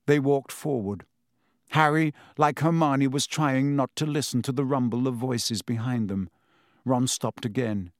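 A man reading a novel aloud at an unhurried, deliberate pace. His mid-pitched voice sits close and dry on a studio mic, steady and measured. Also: no echo. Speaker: audiobook narrator. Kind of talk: scripted narration.

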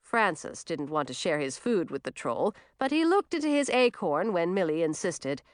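A woman's voice: on the low side, normal speed, no room sound. A woman reading a children's story aloud, with her voice moving freely up and down as she narrates. The recording is close and dry, with no trace of a room. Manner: lively expressive reading.

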